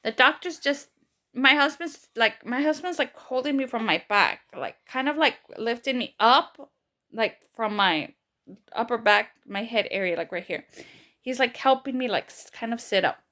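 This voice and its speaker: Bright high-voiced young woman vlogger. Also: moderate pace. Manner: animated retelling, acts out quoted voices, many fillers. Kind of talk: casual storytelling.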